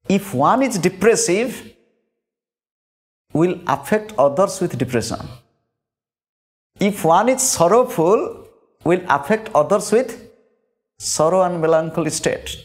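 A man giving a scripture discourse as a spiritual teacher, speaking deliberately and repeating key phrases for emphasis. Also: high voice, lively intonation. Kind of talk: sermon-style scripture discourse.

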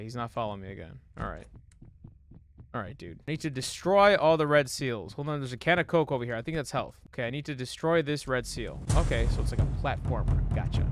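A young man streaming a horror game demo, swearing and reacting, shifting between low muttering and sudden yelling. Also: normal speed, pauses often, a little hiss or hum. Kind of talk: live gaming commentary.

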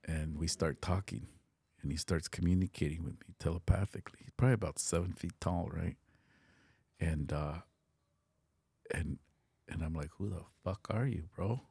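A middle-aged man, a podcast guest, telling a story in an animated, profane way on a close podcast mic. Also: a bass voice, normal speed, long pauses, husky, no room sound. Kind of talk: casual storytelling.

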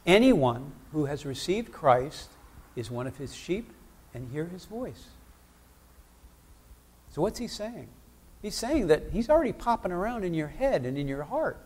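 A man's voice: fairly high pitch, big pitch swings, a little slow, long pauses, darkish tone, breathy edge. A man preaching a sermon in church, talking conversationally and asking the congregation questions.

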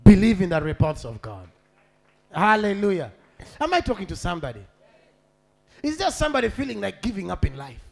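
A man preaching a sermon as a pastor, swinging between shouted, half-sung peaks and quiet, conversational asides. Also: sits high, wildly swooping pitch, fairly quick, vocal fry, pauses often.

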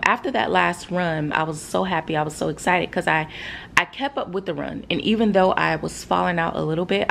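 A woman's voice: on the low side, gravelly, fairly bright tone, slight background noise. A woman in her thirties, a soldier, telling an emotional story straight to her viewers, frank and profane and close to tears. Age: 30s. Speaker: soldier and vlogger. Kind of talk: candid storytime vlog.

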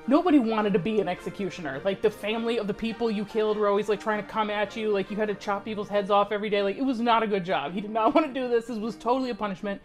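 A woman telling a comic history story in an animated, slangy, exaggerated way. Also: a little high.

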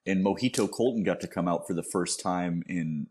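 A man's voice: sits low, normal speed, a little mellow, slightly rough. A young man co-hosting a casual podcast, trading crude jokes and anecdotes. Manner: crude, joking banter. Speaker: podcast co-host. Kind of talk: casual chat.

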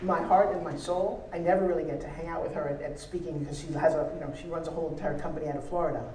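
A woman giving an energetic, joking motivational talk on pitching to a live audience from a stage. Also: rapid-fire, a crowd in the background, background noise. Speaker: motivational speaker teaching pitching. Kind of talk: live seminar speech to an audience. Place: large event hall on stage. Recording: roomy hall sound from a distance.

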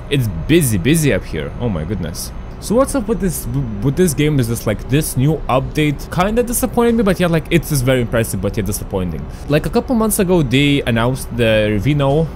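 A man giving casual, excitable commentary as a gaming streamer. He chats to his viewers and shouts at traffic. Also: mid-range voice.

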